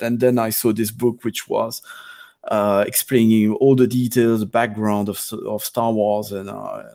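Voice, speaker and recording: A man's voice: on the low side, gravelly, dark tone. Hesitant man. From Belgium. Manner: hesitant, searching for words with many fillers. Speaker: podcast guest. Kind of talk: casual chat.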